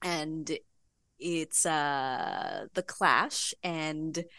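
A young woman tells a lively story as a podcast guest, breaking into laughter often. Her voice is bright and forward. The sound is dry and close. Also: low-pitched, very slow, no room sound. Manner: giggly, animated, laughs often. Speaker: podcast guest, bodybuilding pro. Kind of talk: casual storytelling interview.

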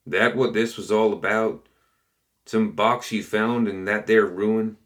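A man's voice: fairly low pitch, steady tone, slow, a bit bright. A man doing a grim drawling bayou gremlin. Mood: wary.

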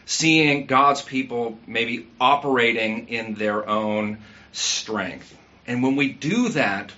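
A man's voice: mid-range voice, bright, forceful tone, dull audio. A man preaching a sermon in a conversational way, asking the congregation questions and using everyday fillers. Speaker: pastor.

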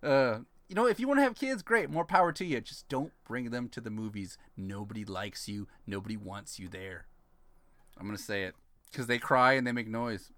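A man's voice: medium pitch, normal speed, a bit bright, slight background noise. A man from San Antonio, co-hosting a casual movie podcast, ranting and swearing freely. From San Antonio, Texas. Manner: ranting, swearing, laughing between jokes. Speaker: podcast co-host. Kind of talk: casual profane movie chat.

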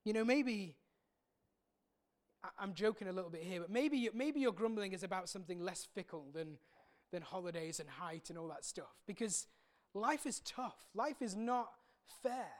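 This pastor's voice sits high, and he speaks in an animated way. Preaching his sermon earnestly and reflectively, he pauses frequently and repeats words.

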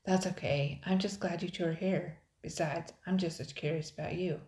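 A woman's voice: fairly low pitch, steady tone, moderate pace, darkish tone, close to an everyday voice. A woman reading a storybook aloud, voicing a friendly young boy who explains matter-of-factly. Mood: explaining. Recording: roomy echo.

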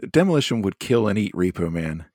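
A man co-hosts a podcast and rambles wryly through casual chat. His voice is deep and the recording dry. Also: big pitch swings, brisk, darkish tone, no room sound. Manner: rambling, wry. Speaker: podcast co-host.

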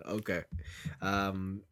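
Lively Canadian podcast co-host, laughing often. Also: deep voice, very slow. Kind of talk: casual chat.

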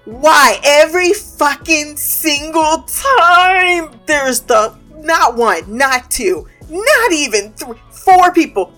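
A woman's voice: high-pitched, slow pace, hardly any pauses, faint music behind. A woman venting in a casual monologue about her remote team, profane and laughing as she tells it. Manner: profane, laughing, animated storytelling.

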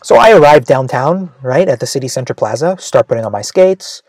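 A man's voice: mid-range voice, lively intonation, fairly quick, a little mellow, no room sound. A male comedian telling a rambling, self-mocking story, with frequent "right?" asides.

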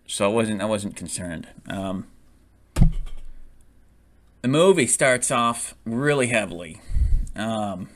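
A man's voice: lowish voice, a bit bright, a little hiss or hum. A man casually reviewing a movie, rambling with lots of fillers, restarts and frequent laughs.

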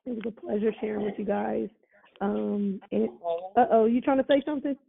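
A woman hosting a prayer line call, talking fast and affirming the callers. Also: a little high, creaky, a crowd in the background. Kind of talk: casual faith call sharing. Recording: tinny phone line.

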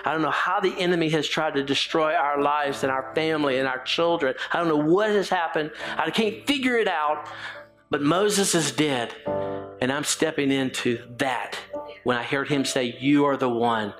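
A man's voice: fairly high pitch, normal speed, over music. A middle-aged man preaching and then praying, a pastor who repeats phrases with building emphasis. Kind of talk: sermon and prayer.

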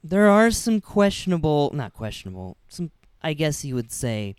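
This man has a clear, smooth voice that sits a bit high, and his intonation rises and falls widely. He recaps film scenes in a relaxed way, pausing on fillers. The recording is dry and close. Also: dry recording. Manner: retells scenes with lively emphasis, hesitant fillers. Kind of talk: casual movie discussion.

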